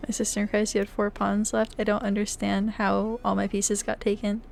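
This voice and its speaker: A young woman streaming live, chatting casually with her viewers, playful and laughing, swinging between loud outbursts and quiet mumbling. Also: medium pitch, monotone, normal speed, creaky, a little hiss or hum. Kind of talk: casual live-stream chat while playing games.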